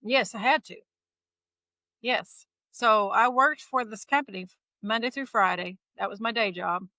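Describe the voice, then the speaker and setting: Middle-aged woman, interview guest, bright and clear tone, dry close sound, animated storyteller who voices the people she quotes. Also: mid-range voice, unhurried, no echo, poor audio. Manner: lively retelling that acts out quoted dialogue. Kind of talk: casual conversational storytelling.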